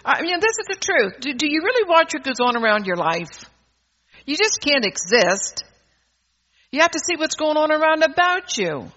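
A woman's voice: sits high, big pitch swings, normal speed, fairly bright tone, muffled recording, slight background noise. Emphatic woman preaching a sermon. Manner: emphatic, scolding, calls to the congregation.

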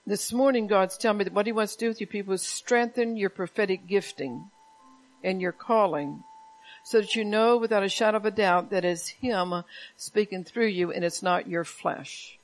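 A woman's voice: mid-range voice, moderate pace, rough recording. Woman preaching a plain conversational sermon. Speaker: pastor. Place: church.

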